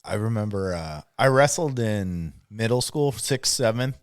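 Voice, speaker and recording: A man's voice: lowish voice, expressive, unhurried, no echo, clean studio sound. A man co-hosting a podcast, telling loose, profane stories in casual chat. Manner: loose, profane storytelling with laughs. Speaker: podcast co-host.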